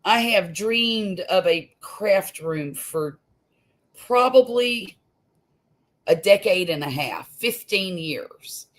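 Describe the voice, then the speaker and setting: Speaking slowly in a medium-pitched, fairly bright voice with lively intonation, this Gulf Coast woman runs a casual live stream from home. The chat is homey and talkative, with easy laughter and sentences that drift into fillers.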